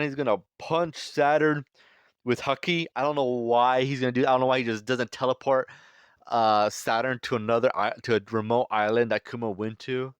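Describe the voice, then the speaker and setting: A man's voice: medium pitch, clean tone, dry recording. A man giving a casual spoken review of a manga chapter, sarcastic and critical, with lots of filler phrases.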